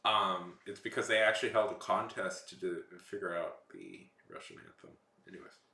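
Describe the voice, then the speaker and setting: Casting: young man with a lowish voice, rambling casual streamer, echoey room. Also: wildly swooping pitch, moderate pace, gravelly, pushed and bright. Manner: rambling, lots of fillers and trailing off. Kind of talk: casual chat while drawing on stream.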